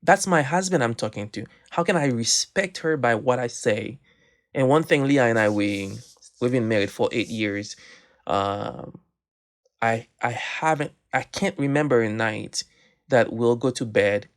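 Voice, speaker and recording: A man's voice: medium pitch, measured pace. Man chatting animatedly. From Haiti. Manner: animated storytelling, frequent restarts. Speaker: podcast co-host. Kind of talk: casual faith podcast chat.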